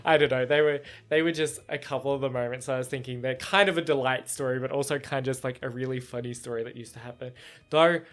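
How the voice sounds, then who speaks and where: A young man with a somewhat feminine voice, hosting a solo podcast in animated casual chat. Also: fast talker. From Australia. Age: young adult. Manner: animated storytelling, frequent laughs, jumps into high-pitched acted quotes. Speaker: podcast host.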